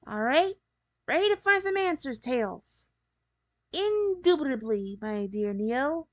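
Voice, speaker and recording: A woman's voice: sits high, big pitch swings, slow pace, no echo, heavily acted. A woman voicing an eager, earnest young male fox sidekick as she reads a game's dialogue aloud, in a playfully formal way. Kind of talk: reading game dialogue aloud.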